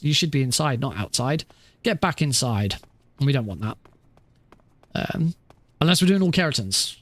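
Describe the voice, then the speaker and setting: A man's voice: mid-range voice, no echo. A man casually commenting on his own speedrun practice, rambling and self-deprecating with lots of fillers and restarts. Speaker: speedrunner streamer.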